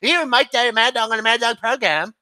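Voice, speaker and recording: A man doing a shrill, excitable sports radio host. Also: smooth, no room sound, studio quality, full character voice. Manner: high, loud, drawn-out, stammering.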